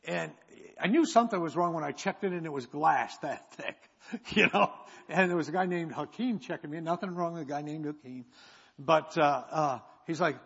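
A man with a husky, fairly high voice tells a rambling, self-mocking story from the pulpit. His words ring out into a large hall with a long echo, and the sound is slightly muffled. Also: brisk, a bit bright. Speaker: preacher. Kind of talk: sermon storytelling. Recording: echoey hall, dull sound.

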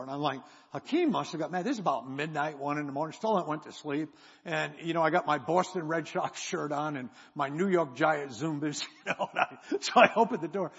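A man's voice: a little high, a bit bright, breathy edge. A man preaching, telling a rambling story with self-mocking humor. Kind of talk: sermon storytelling. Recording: echoey hall, dull sound.

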